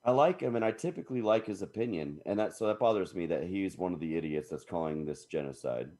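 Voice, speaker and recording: A man's voice: deep voice, animated, quick pace, warm tone. A man co-hosting a casual podcast chat, swearing and getting exasperated while mostly agreeing. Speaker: podcast co-host.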